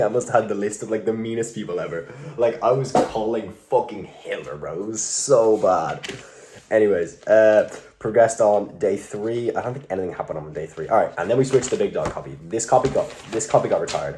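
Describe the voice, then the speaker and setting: Young man, deep low voice, rambling, profane, self-mocking, faint background hiss. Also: darkish tone. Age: young adult. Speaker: vlogger. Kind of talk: casual vlog.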